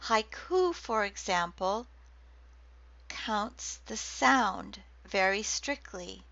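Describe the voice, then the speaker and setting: A woman giving a recorded lecture on poetry, speaking deliberately and reading quoted verse slowly. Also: medium pitch, creaky, pushed and bright, no room sound. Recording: dull lo-fi dry recording.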